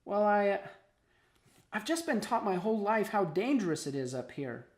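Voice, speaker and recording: A man's voice: sits high, big pitch swings, moderate pace, reverberant, voice pushed up. A man voicing a timid, worried young male worm who speaks hesitantly. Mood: nervous. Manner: hesitant, nervous.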